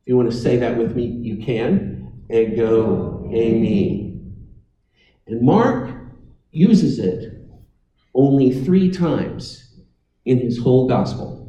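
A man preaching a sermon with emphatic, dramatic pauses, now and then inviting listeners to repeat after him. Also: medium pitch, big pitch swings, mellow, reverberant, distant mic, poor audio.

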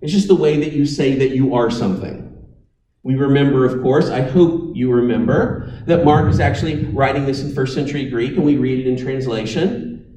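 A man preaching a sermon with emphatic, dramatic pauses, now and then inviting listeners to repeat after him. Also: mid-range voice, warm tone, reverberant, distant mic, poor audio.

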